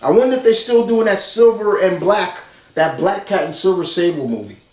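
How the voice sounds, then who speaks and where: A man's voice: sits high, expressive, normal speed, darkish tone. A man ranting bluntly and profanely in an exasperated movie commentary vlog. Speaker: commentary vlogger. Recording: roomy echo, far from the mic.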